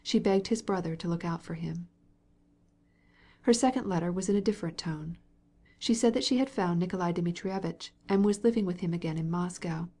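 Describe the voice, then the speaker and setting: A woman narrating a classic novel as an audiobook, in measured storytelling. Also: fairly low pitch, mellow. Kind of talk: scripted narration.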